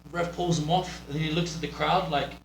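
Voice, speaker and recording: A man's voice: fairly high pitch, fairly even intonation, a little fast, creaky. A man with a New Zealand accent, coaching a wrestler through a casual match review in a blunt, profane, rambling way. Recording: roomy with faint hum.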